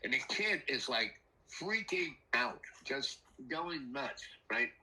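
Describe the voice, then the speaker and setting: An older man telling a rambling personal story in a casual, animated way, acting out the voices of the people in it. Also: mid-range voice, takes it slowly, poor audio. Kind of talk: casual spoken anecdote.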